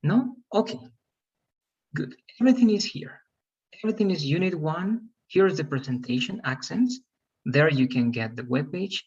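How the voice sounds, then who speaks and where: Man, teacher, slightly high voice, husky, dull lo-fi call audio. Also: expressive, moderate pace, darkish tone. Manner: repetitive, checks in with "all right?". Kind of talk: online class instructions.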